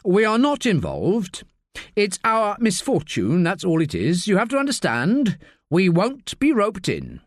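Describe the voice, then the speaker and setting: A man's voice: high voice, huge pitch swings, a little slow, no echo, clean studio sound, voice pushed up, exaggerated voice. A man voicing a stubborn middle-aged father who answers in a curt, defensive way.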